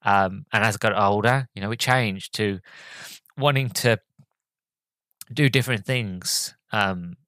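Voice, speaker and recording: A male podcast host reviews a movie, halting and hesitant, filling gaps with many fillers and sounding audibly choked up. His voice sits on the low side, bright and smooth, with a forceful tone and no echo.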